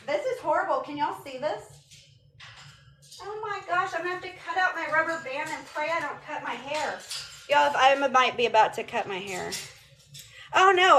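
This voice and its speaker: A woman's voice: sits high, bright, forceful tone, a little hiss or hum. A woman chatting casually on a phone livestream and answering viewers' comments aloud. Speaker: vlogger answering live chat. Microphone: phone camera.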